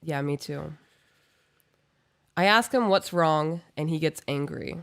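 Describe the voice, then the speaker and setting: A woman co-hosting a podcast, giving calm, firm and direct relationship advice. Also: deep voice, slow pace, creaky, smooth. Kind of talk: casual advice chat.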